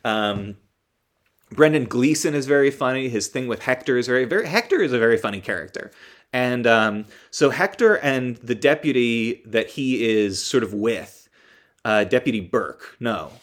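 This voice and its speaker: With lively intonation and a medium pitch, this man hosts a podcast where he summarizes a film at a moderate pace. He jokes, rambles, says um a lot, and keeps fixing his own words.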